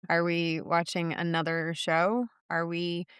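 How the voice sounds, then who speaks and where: A woman co-hosting a faith podcast, talking reflectively in casual chat and asking gentle questions. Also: on the low side, completely flat delivery, unhurried, clean tone, no room sound, clean studio sound. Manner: reflective, asks questions and affirms. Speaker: podcast co-host.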